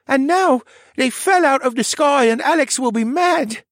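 A man's voice: very high-pitched, measured pace, dry recording, clean studio sound, pitched above the performer's own voice, heavily acted. A dreamy sleepwalking boy. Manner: soft dreamy murmur.

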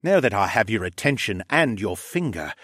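A man's voice: fairly low pitch, sing-song, moderate pace, fairly bright tone, no room sound, clean studio sound. A man voicing a cold, commanding young male noble who speaks in clipped, authoritative lines. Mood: menacing.

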